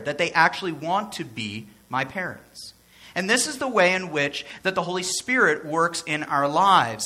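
A man's voice: high voice, sharp tone. A man preaching a sermon as pastor, in a conversational way with joking asides and phrases repeated for emphasis.

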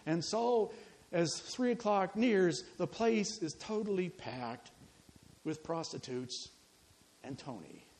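A man preaching a sermon, telling a story in an animated, dramatic way full of quoted dialogue. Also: sits high, slow pace, slight background noise, rough recording.

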